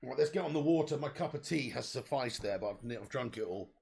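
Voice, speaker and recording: Gravelly excitable watch-along host. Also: male voice, medium pitch, a little fast. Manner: excitable, chatty, swears freely, reads chat aloud. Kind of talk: casual live match commentary.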